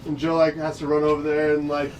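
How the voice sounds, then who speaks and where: A man's voice: a little high, monotone, darkish tone. A man, a guest in a casual chat, telling a story wryly, swearing and acting out the other people in it. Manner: quick, wry, swears, acts out the other people in his story. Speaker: guest, pitcher. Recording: far from mic with faint noise.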